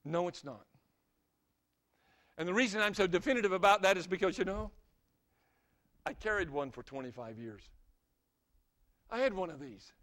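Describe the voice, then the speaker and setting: An older man from Ohio preaching a sermon as an evangelist. He is dramatic, asks one rhetorical question after another, and swings from loud emphasis to soft, low asides. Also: animated, moderate pace, long pauses.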